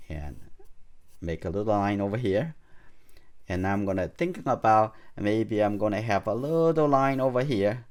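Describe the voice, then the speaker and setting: A man whose first language is Chinese, calmly talking through a charcoal drawing demonstration as an art teacher, thinking aloud as he works. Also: on the low side. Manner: calm, thinking aloud while drawing, non-native phrasing.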